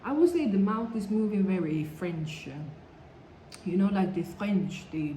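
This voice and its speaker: In a roomy, echoey recording with faint background noise, a woman vlogger tells a rambling story to camera. Her medium-pitched, dark voice is very animated and a little slow, sprinkled with "like" and "you know."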